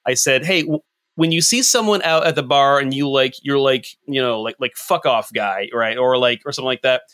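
A man from the United States, chatting on a podcast and telling stories in an animated way, laughing often. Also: medium pitch, brisk. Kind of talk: casual chat.

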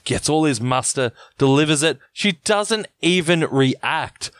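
Sarcastic man, lively animated voice. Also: a little high, no echo. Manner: sarcastic, needling, quick jokes. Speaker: podcast co-host. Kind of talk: casual film discussion.

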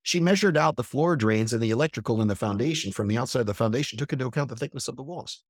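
A man hosting a podcast in a casual monologue to his camera, blunt and profane, animated and emphatic. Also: medium pitch, racing, dry recording, clean studio sound. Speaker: podcast host. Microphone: computer camera at a desk.

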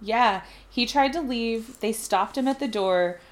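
A woman co-hosting a casual podcast about films, talking in an animated, indignant way and quoting others in asides. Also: fairly high pitch, a little slow. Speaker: podcast co-host. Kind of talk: casual film chat.

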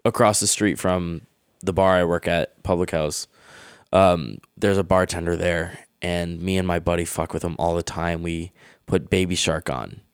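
A man's voice: low-pitched, steady tone, moderate pace, clear, resonant tone, no echo, clean studio sound. A young man, a comedian guest, telling loose stories in a casual interview with lots of fillers. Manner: loose storyteller, many fillers.

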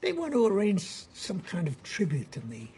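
A grumpy old writer. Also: male voice, sits high, huge pitch swings, normal speed, dark tone, a little hiss or hum, heavily acted. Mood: grumbling. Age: older. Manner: gruff, dismissive. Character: grumpy elderly male Hollywood writer.

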